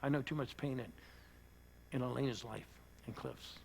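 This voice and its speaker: An older man, a pastor, preaching to a church audience and telling a personal story, rising to loud bursts and dropping to hushed lines. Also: medium pitch, moderate pace, vocal fry, slight background noise. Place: church service before a live audience.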